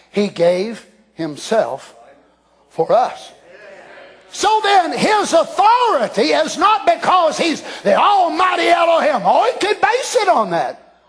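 An older man preaches with real fire. His voice sits unusually high for a man, especially when he climbs into a shout. Between those peaks he drops to quiet, near-murmured asides. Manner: fervent, swings from hushed asides to shouted declarations. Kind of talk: Pentecostal-style sermon.

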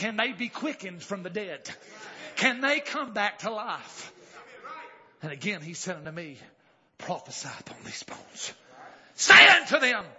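A man preaching a sermon, swinging from calm, folksy talk to hollered exclamations. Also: high voice. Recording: dull lo-fi church recording with faint congregation.

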